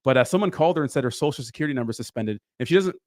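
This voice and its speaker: A man co-hosting a casual talk show, agreeable and quick to chime in. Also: mid-range voice, lively intonation, no room sound. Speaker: co-host. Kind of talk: casual podcast chat.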